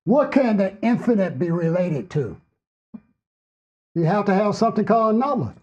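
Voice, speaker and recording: A man who is losing his voice, hosting a spiritual discussion group in a strained, hoarse tone and stressing points with frequent "okay?". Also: high voice, very animated, moderate pace, darkish tone, muffled recording. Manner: emphatic, keeps asking "okay?". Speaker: host and teacher.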